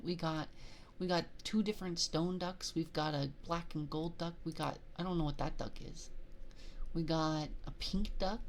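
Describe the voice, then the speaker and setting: A streamer chatting casually on a live stream, giggly and full of fillers, reacting to chat messages. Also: female voice, lowish voice. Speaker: VTuber streamer. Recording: audible background noise.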